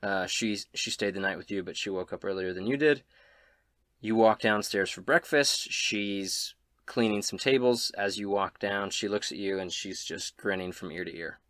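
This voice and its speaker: Bright-voiced male game master. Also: on the low side, moderate pace, no echo, studio quality. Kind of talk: narrating a tabletop game.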